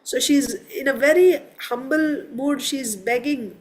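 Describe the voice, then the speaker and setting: A woman's voice: high-pitched, moderate pace. A woman leading a verse-by-verse scripture class, explaining word meanings step by step and asking the class questions. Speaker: scripture teacher.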